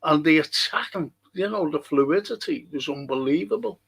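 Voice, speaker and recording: A man's voice: on the high side, expressive, normal speed, creaky, fairly bright tone, slightly rough. A middle-aged man hosting a casual live stream, reading out viewer comments, answering them and swearing now and then.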